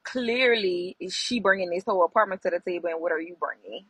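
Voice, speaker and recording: Woman storyteller, husky, dry close sound, lively and colloquial. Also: fairly low pitch, quick pace, no echo, rough recording. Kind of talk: storytelling in a stitched clip.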